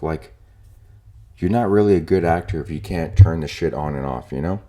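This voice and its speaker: A man's voice: very deep voice, normal speed, dark tone. A young man hosting a casual solo podcast, ranting in an opinionated, profane, rambling way with lots of fillers. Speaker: podcast host.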